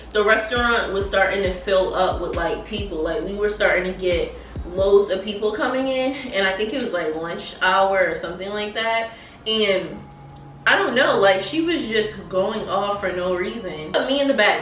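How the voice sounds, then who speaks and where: A young woman telling a story on her vlog while eating, in an animated, slangy, emphatic way. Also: mid-range voice, moderate pace, roomy sound, distant mic, slight background noise, poor audio. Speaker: vlogger.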